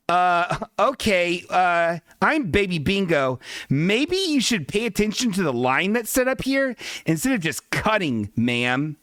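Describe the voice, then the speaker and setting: Lively high-voiced man telling a comic rant. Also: unhurried, dry recording, studio quality. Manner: rambling, exaggerated, repeatedly names himself. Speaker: podcast host in character. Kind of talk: comedic storytelling.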